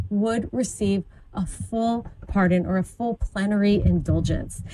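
Lively woman explaining on a talk show. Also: fairly high pitch, low-quality recording. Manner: enthusiastic, explanatory, occasional stumbles. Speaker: commentator. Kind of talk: informative conversational talk.

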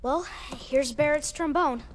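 A woman's voice: sits high, unhurried, slight background noise. A woman voicing a timid, wisecracking young boy in an audio drama. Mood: reluctant. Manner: nervous, sarcastic quips.

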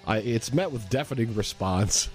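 A man's voice: medium pitch, expressive, normal speed, a little mellow. A man in casual on-air banter, teasing and playful as he needles his partner. His voice rises and falls freely, full of life. A faint bed of music sits behind him. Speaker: radio co-host.

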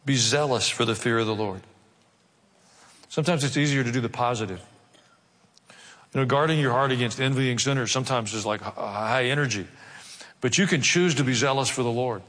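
A man's voice: medium pitch, fairly quick, pauses often, fairly bright tone. A male pastor preaching a sermon, mixing wry jokes with dramatic emphasis. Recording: long hall reverb.

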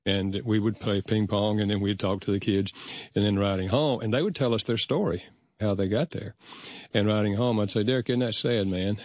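An older man with a low voice shares stories from his own life, speaking earnestly and at a measured pace. He often slips into remembered dialogue. The recording is dry and close, with no room sound. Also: fairly even intonation, darkish tone, no echo. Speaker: guest author. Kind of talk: reflective storytelling in conversation.

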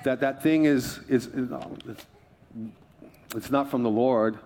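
A man, a pastor, preaching a sermon in a church, conversational and animated, telling a story with asides and laughs. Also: medium pitch, takes it slowly, slight background noise. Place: church sanctuary.

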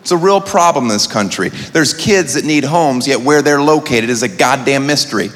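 A man's voice: mid-range voice, lively intonation, normal speed, a bit bright. A man doing a wry, indignant stand-up comedy set on a comedy club stage, recorded live in a noisy club. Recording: reverberant live room with noise.

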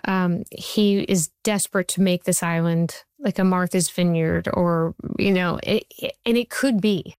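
A woman in her forties with a smooth, lowish voice, answering interview questions as a TV writer. She talks in a chatty storytelling way, with plenty of "like" and "um". The sound is dry and close. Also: steady tone, measured pace, hardly any pauses, darkish tone, no room sound. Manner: chatty storyteller, many fillers. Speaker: TV writer and showrunner.

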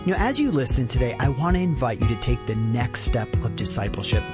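A radio ministry host giving an earnest, inviting welcome in a middle-pitched voice. Guitar music plays clearly beneath him. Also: male voice, sing-song, quick pace. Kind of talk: scripted radio introduction.

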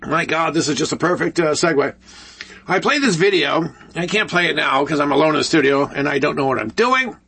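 A man hosting a talk show alone in a studio, ranting with animated sarcasm. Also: on the high side, a little fast, breathy edge. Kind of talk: solo ranting commentary.

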